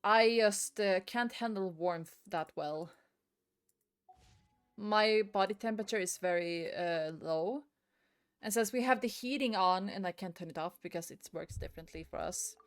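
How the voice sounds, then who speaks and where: Her medium-pitched voice is smooth and measured in pace as she streams a game from her room at home. Exasperated, she rants, swears and repeats herself, speaking into a desk mic at her computer.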